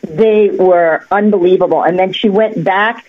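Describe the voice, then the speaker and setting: A woman who works as a psychic, telling a story on a cable access talk show in an animated, chatty way with lots of fillers and restarts. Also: on the low side, unhurried, phone-quality sound. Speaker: psychic guest. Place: local access TV studio.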